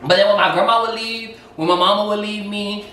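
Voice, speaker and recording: Man, open and animated storyteller, slightly high, bright voice, echoey room, mic far off. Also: a little fast, slight background noise. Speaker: co-host. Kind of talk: casual chat. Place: home kitchen.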